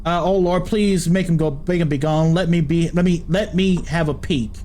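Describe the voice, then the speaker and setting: A man's voice: on the high side, normal speed, mellow, a little hiss or hum, close to an everyday voice. A man voicing a frightened old rural man with a put-on country accent, drawling and pleading breathlessly as he hides from guards. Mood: fearful. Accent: put-on American country accent. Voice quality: drawling, folksy. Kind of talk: reading game dialogue in character.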